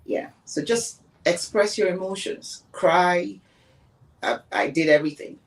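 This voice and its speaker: A woman's voice: fairly low pitch, measured pace, distant mic, poor audio. Earnest woman speaking slightly off-mic. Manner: earnest, emphatic, repeats for stress. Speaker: podcast guest. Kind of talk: reflective conversation on grief.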